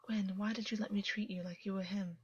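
A woman voicing a troubled fey man who speaks quietly and measuredly, sometimes near a whisper, in a dull dry recording. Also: medium pitch, fairly even intonation, a little fast, slightly rough, no room sound. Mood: probing, hushed. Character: troubled fey man, commanding yet tender.

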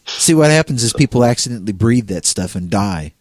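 A man co-hosting a show, reading anime episode summaries and joking with his co-host in a playful, animated way. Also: on the low side, dry recording. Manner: animated, playful, quick to laugh. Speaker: podcast co-host. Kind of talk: anime news roundup and casual banter.

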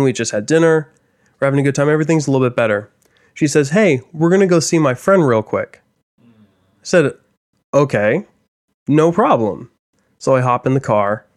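A young man on a podcast telling a rambling, self-deprecating story in casual chat. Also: medium pitch. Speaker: podcast co-host.

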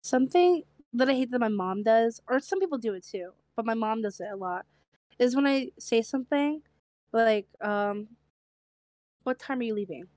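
A young woman co-hosting a casual podcast chat, speaking with a slight stutter and a lisp, chatty and quick to laugh. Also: fairly high pitch, expressive, darkish tone, no echo. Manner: chatty, quick to laugh, repeats herself when tired. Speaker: podcast co-host.

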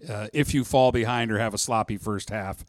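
A man's voice: on the low side, fairly even intonation, a little fast. A man co-hosting a sports podcast, giving brief, laid-back replies in casual chat over a remote line. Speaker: podcast co-host.

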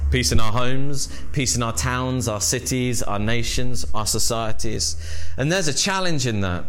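A man preaching a sermon as pastor, emphatic, with rhetorical questions and dramatic pauses. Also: medium pitch.

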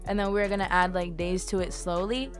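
A woman's voice: lowish voice, fairly even intonation, quick pace, faint music behind. A young woman, a student co-hosting a podcast, talking in casual chat that is loose and rambling, full of fillers and casual swearing. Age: young adult.

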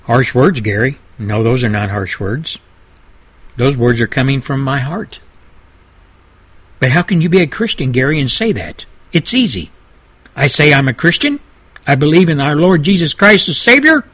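An older man hosting a radio show, delivering a fiery, preachy monologue with swings between loud and low intensity. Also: big pitch swings, normal speed, husky, poor audio. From Southern United States.

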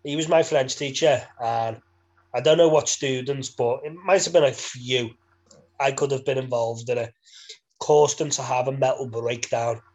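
A young man with a Liverpool accent, chatting casually as a podcast co-host. His talk is loose and laddish, full of swearing and laughter, at an ordinary male pitch. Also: steady tone, normal speed, a little mellow, rough recording. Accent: Liverpool English. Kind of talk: casual banter.

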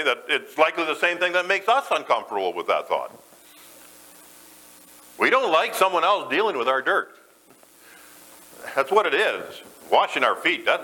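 A man's voice: medium pitch, pushed and bright, low-quality recording. A man preaching a sermon to a church, talking conversationally and putting questions to the congregation. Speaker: pastor.

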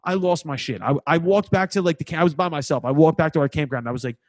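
A young man with a fairly high voice trading tour stories in casual chat. He sounds excitable and swears freely as he tells his anecdotes. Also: very fast. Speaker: touring musician, guest.

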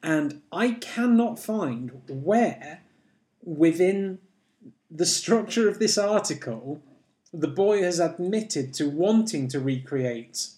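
A man's voice: on the high side, animated, a little mellow. A man hosting a casual podcast, rambling and laughing often between points. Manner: giggly, rambling, quick asides. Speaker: podcast host.

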